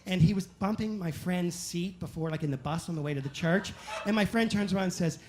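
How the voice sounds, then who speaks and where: A man telling animated, self-mocking stories as a stand-up comedian on a club stage. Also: high-pitched, soft background music. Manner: animated, self-mocking anecdotes with quick asides. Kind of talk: stand-up storytelling.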